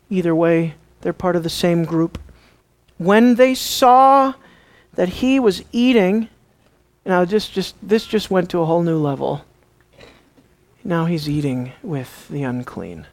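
A man's voice: high voice, unhurried. A man pastor preaching a sermon, dramatic, asking the congregation rhetorical questions and acting out the people in the story.

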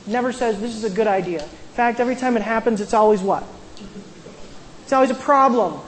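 A woman's voice: a little high, brisk, in a large hall, a little hiss or hum, poor audio. A woman casually retelling a Bible story as a sermon, with conversational asides and frequent restarts. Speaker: Bible teacher.

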